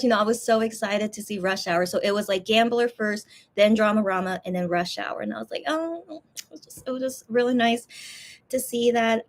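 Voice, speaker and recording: A young woman chatting casually on a livestream, rambling with many fillers and restarts as she talks emotionally about a concert. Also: mid-range voice. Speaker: livestream host. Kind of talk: casual chat.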